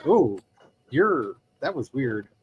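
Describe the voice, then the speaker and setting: Male stream host, mid-pitched, chatty and upbeat, casual mic delivery. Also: sing-song, slow pace, phone-quality sound, slight background noise. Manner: chatty, upbeat, laughs easily. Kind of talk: casual chat.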